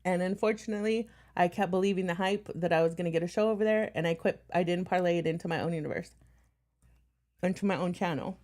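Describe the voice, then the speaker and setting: A woman's voice: lowish voice, fast talker, a little mellow. A woman streamer talking bluntly and profanely in casual stream chat, with a sarcastic edge. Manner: slightly out of breath while moving furniture.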